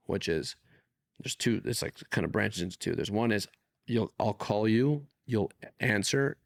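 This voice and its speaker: A man from Canada, a guest on an interview podcast, telling stories in a casual, animated way. He swears freely and acts out the people in his stories. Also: lowish voice, unhurried, gravelly, no echo. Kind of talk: casual conversational storytelling.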